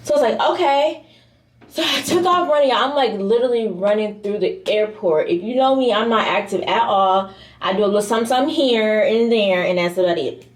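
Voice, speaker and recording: A woman's voice: mid-range voice, a little fast, reverberant. A young woman vlogger telling a story casually, swearing and acting out the people in it. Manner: animated, swears, acts out the people in her story.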